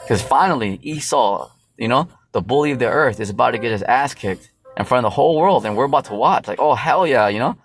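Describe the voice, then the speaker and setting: A man preaches from scripture in a loose, street-level way, peppering every thought with "you know" and swearing freely. His voice sits at an ordinary pitch. Faint music plays underneath. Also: animated, brisk, few pauses. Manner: loose and profane, full of fillers and "you know". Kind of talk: casual Bible teaching.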